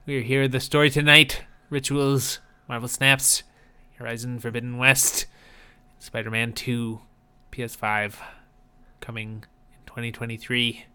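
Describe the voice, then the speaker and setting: A man doing a calm public-radio host. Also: mid-range voice, clean tone. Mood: measured. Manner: measured, announcer-like delivery.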